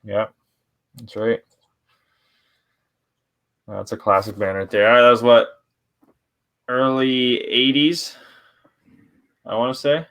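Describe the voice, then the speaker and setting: A man's voice: mid-range voice, steady tone, slow pace, long pauses, fairly bright tone. A man from Canada hosting a podcast, chatting casually with lots of swearing and laughter. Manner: laid-back, profane, laughs often. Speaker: podcast host. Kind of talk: casual chat.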